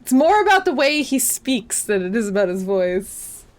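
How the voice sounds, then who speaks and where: A woman's voice: fairly high pitch, sing-song, moderate pace. A woman streaming a game, chatting casually and laughing at herself as she plays. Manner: chatty, self-deprecating, laughs often. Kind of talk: casual live game commentary.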